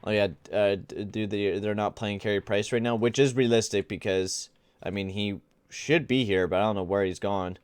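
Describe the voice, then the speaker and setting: A man's voice: lowish voice, steady tone, normal speed, smooth, no echo. A young man giving casual gameplay commentary, rambling and exasperated, full of slang like "dude" and "bruh". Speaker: gaming channel host.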